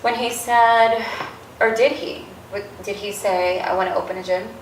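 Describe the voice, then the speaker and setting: A woman's voice: medium pitch, steady tone, normal speed. A woman hosting a casual interview, encouraging her guest with frequent backchannel replies. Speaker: interview host. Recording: roomy, distant mic, faint noise.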